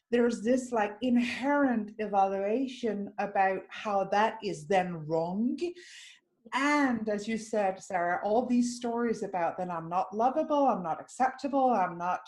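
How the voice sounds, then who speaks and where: Woman hosting a webinar, halting and searching. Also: on the high side. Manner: warm, searching, with frequent restarts. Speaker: webinar host, psychologist. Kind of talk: informal webinar conversation. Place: at home in Sweden, video call. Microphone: video call microphone.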